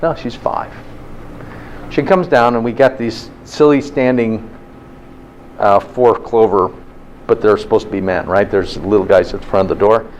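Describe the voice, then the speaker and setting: Rhetorical questions and lively anecdotes drive this motivational health talk, hosted by a man with a lowish voice. He talks at normal speed with long pauses, and the rough recording has a slight hiss or hum.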